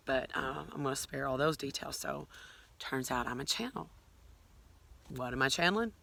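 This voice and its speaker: A woman's voice: extremely low pitch, animated, normal speed, vocal fry, sharp tone, rough recording. A woman telling her own story to a phone camera at home, rambling with many fillers and asides. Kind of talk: casual personal storytelling. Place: at home, filming herself on a phone.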